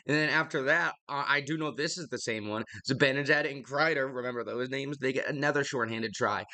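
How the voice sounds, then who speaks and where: A young man hosts a podcast, bluntly rambling through casual hockey commentary while out of breath and swearing freely. His voice sits at medium pitch, bright and forceful.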